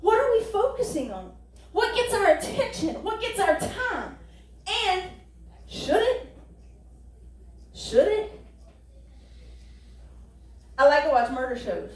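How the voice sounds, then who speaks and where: A woman's voice: extremely high pitch, very animated, takes it slowly, pauses often. A woman pastor preaching a folksy, joking sermon full of rhetorical questions. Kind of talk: conversational sermon. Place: church sanctuary. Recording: echoey church hall, distant mic.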